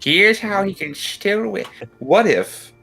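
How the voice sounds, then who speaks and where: A man's voice: high voice, expressive, takes it slowly, creaky, pushed and bright, faint music behind. Joking man at a game table. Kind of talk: casual chat at the gaming table.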